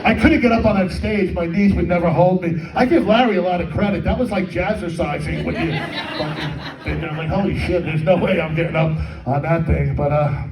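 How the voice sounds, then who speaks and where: At a comedy fundraiser hall with a live audience, a middle-aged man with a high, slightly mellow voice performs stand-up at a fairly quick pace. His set is crude, rambling, self-mocking crowd work. The hall echoes, and the mic is placed at a distance.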